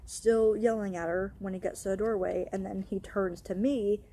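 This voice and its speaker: A young woman vents in a storytime vlog, her words tumbling out in long, upset run-on sentences laced with swearing. Her voice is mellow and dark, with a breathy, husky edge. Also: mid-range voice, steady tone, moderate pace. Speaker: vlogger.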